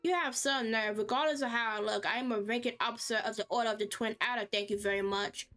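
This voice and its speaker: A woman voicing a proud young female officer, speaking in a brisk, formal way. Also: a little high, fairly even intonation, a bit bright, faint music behind, lightly acted.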